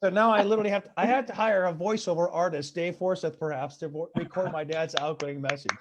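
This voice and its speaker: A man's voice: a little high, steady tone, quick pace, noisy background. A male stand-up comedian tells rambling stories over a video call. He keeps insisting "I swear to God" and tumbles from one anecdote to the next.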